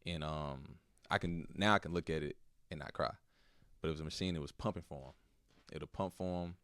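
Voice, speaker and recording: Very deep-voiced young Texan man. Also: clean tone, no echo. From Texas. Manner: soft-spoken, halting, slangy with "bro" and "like". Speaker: podcast guest, basketball player. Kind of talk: emotional personal storytelling.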